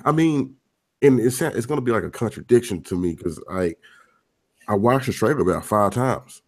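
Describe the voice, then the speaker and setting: A man co-hosting a casual gaming podcast, giving blunt, opinionated takes. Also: lowish voice. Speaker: podcast co-host.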